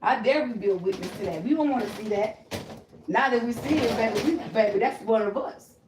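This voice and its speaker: A woman ranting on a live stream, loud and confrontational, telling stories and breaking into shrieking imitations. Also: a little high, fairly quick, background noise. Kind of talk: blunt profane live-stream rant. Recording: roomy echo, voice a bit far from the mic.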